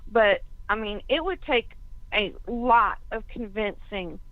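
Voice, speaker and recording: A woman's voice: mid-range voice, animated, takes it slowly, no room sound. A woman on a conference call, thinking aloud in a hesitant way with many restarts. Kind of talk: casual discussion on a call. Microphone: phone. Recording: tinny phone line.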